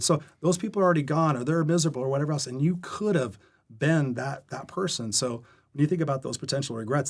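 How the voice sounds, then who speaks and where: Fast-talking, energetic man telling stories. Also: mid-range voice. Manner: energetic, candid storyteller who acts out quoted dialogue. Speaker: guest coach. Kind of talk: storytelling interview chat. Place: podcast recording.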